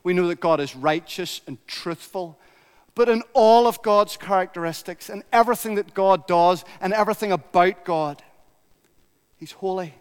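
High-voiced man preaching in a reverberant church. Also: moderate pace, smooth. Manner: emphatic, builds with repetition. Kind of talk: sermon.

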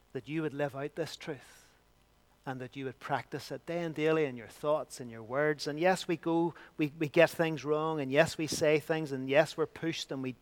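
A man preaching a sermon with emphatic delivery, rising loud and dropping to a hush. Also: fairly high pitch.

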